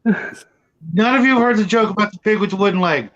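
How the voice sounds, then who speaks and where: A man with a high voice telling a long joke among friends. He keeps stopping and repeating himself. The recording sounds dull and muffled. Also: a bit bright. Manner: halting, repeats words often. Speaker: host. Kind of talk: casual chat and joke telling. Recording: muffled lo-fi audio.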